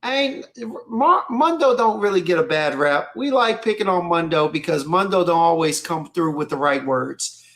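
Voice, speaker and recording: A man co-hosting a podcast in casual chat, animated, often saying "you know what I'm saying.". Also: fairly high pitch, moderate pace. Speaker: podcast co-host.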